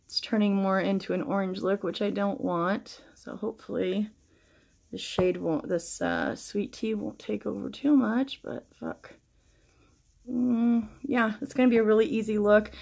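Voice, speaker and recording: A woman's voice: mid-range voice, steady tone, moderate pace, creaky, a little mellow. A middle-aged woman chatting casually through a makeup tutorial, rambling and swearing freely while shaken and stressed. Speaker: makeup vlogger.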